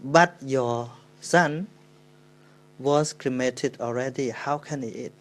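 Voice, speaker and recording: Khmer-accented monk, unhurried dharma talk, measured mid-pitch voice, stops to rephrase. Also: male voice, poor audio. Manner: slow, unhurried, speaking English with pauses and self-corrections. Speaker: Buddhist monk.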